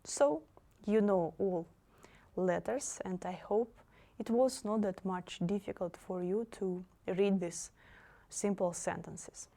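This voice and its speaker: A woman's voice: mid-range voice, slow pace, gravelly, warm tone. A young woman teaching an online language lesson, patiently saying each word twice for learners to repeat.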